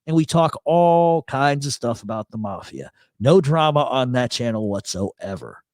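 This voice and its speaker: A New York man hosts a loose livestream chat from his home studio, blunt and joking, with swearing sprinkled in. His mid-pitched voice comes through an expensive studio mic and processor, close and dry with no room sound. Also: expressive, unhurried, darkish tone, no echo. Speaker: host.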